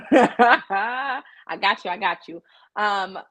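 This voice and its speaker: A woman's voice: medium pitch, extremely slow, a bit bright, no echo, low-quality recording. A woman co-hosting a casual talk show, joking and affirming her co-host. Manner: playful, brief affirmations, joking. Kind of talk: casual discussion.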